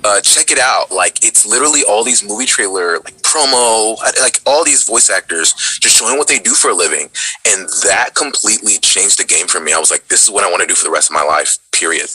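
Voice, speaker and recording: A man in his twenties from Texas, a voice actor chatting casually on a video call as he tells his story in a relaxed, lively way. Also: lowish voice, a little fast, a little hiss or hum, rough recording. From Dallas, Texas. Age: 20s. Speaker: voice actor guest.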